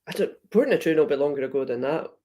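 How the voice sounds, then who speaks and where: A woman with a low-pitched, mellow voice and lively intonation talks at a racing speed. She's a whisky brand ambassador appearing as a guest on a casual chat show, friendly and chatty, saying "like" a lot.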